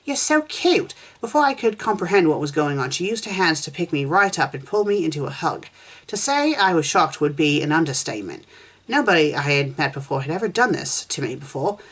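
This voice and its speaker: A woman reading a first-person fan story aloud at a steady pace, with small slips and restarts as she goes. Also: low-pitched, fairly quick, slightly rough. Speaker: fanfiction reviewer.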